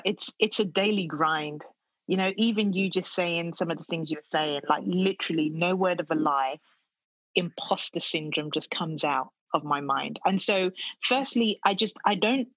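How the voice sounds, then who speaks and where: Middle-aged woman, podcast guest, husky and heartfelt, dry close sound. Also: fairly low pitch, a bit bright, no room sound, low-quality recording. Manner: earnest, heartfelt, with many restarts. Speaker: podcast guest, speaker on trauma. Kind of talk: casual interview conversation.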